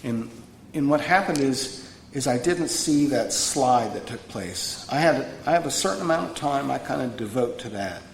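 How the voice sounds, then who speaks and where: Gravelly man telling his story. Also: medium pitch, animated, normal speed. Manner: earnest storytelling, repeats phrases for emphasis. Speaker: recovery speaker. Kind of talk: personal recovery talk to a live audience. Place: retreat meeting room. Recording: echoey room, faint background hum.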